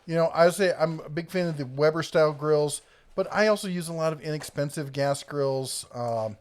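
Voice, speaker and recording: A congested man hosting a live tool show, casually reading viewer comments and giving relaxed advice. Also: fairly high pitch, fairly quick. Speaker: YouTube tool channel host. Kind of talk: casual live-stream chat.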